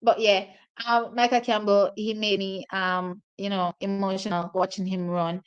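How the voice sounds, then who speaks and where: A woman's voice: medium pitch, little pitch movement, normal speed, smooth, lo-fi sound. A woman hosting her own track and field channel, talking casually and directly to her viewers about race results, openly emotional as she goes.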